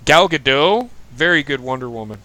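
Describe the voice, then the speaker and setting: A man's voice: medium pitch, lively intonation, moderate pace, pushed and bright, dry recording, low-quality recording. A man hosting a casual chat show, giving blunt opinions and swearing freely. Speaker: podcast host.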